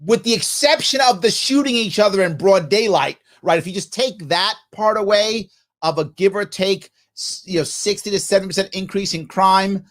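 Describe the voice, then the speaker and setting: A man's voice: sits high, normal speed, a bit bright. A male podcast host giving mocking, sarcastic commentary on clips that he plays back.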